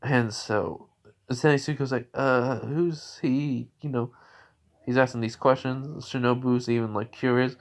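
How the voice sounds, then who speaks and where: A man's voice: medium pitch, fairly even intonation, normal speed. Guy making up a fan story as he goes, rambly, keeps correcting himself. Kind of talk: improvised fan story narration.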